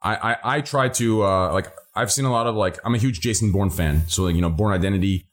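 A man hosting a charity livestream, introducing guests in an excitable, rambling way with lots of fillers. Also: lowish voice, fast talker. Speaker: charity stream host. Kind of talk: casual chat.

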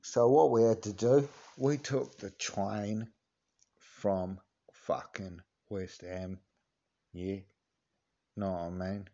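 In a muffled recording, a male podcast host with a low, warm voice does a comic impression of a swaggering, crude cockney geezer. His put-on Cockney accent drives a rambling, sweary monologue packed with filler phrases.

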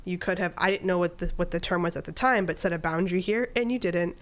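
Animated woman telling a personal story. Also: fairly low pitch, fast talker. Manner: animated, acts out her own inner dialogue. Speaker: podcast guest. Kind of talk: casual interview storytelling.

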